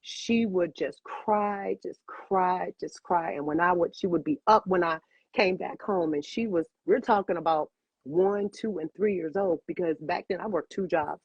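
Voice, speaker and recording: A woman's voice: fairly low pitch, unhurried, slightly rough, dry recording, muffled recording. A woman in her fifties, a cigar bar owner, telling a personal story with feeling as an interview guest and repeating phrases for emphasis.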